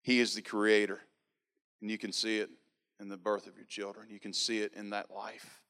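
A man's voice: on the low side, normal speed, clean tone. A man in his thirties sharing his personal faith testimony in an earnest storytelling manner. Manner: earnest, storytelling, animated quoting. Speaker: speaker giving a testimony.

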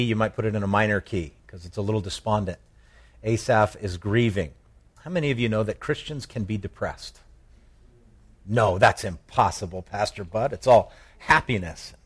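A male pastor preaching an earnest sermon on a psalm, asking his congregation questions. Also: medium pitch.

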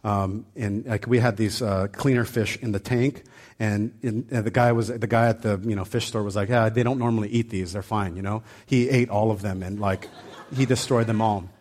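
A man's voice: fairly low pitch, steady tone, normal speed, a little mellow. A man preaching a sermon as pastor, telling a personal story in a loose, conversational way full of fillers and restarts, then building into fervent, emphatic preaching.

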